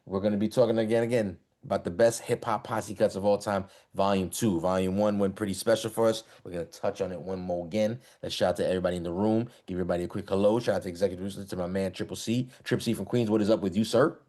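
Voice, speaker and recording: A man hosts a live-streamed talk show with a big, energetic delivery. He talks fast in a low voice. He keeps shouting out his guests. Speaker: host. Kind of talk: hype podcast hosting. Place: online live-stream call.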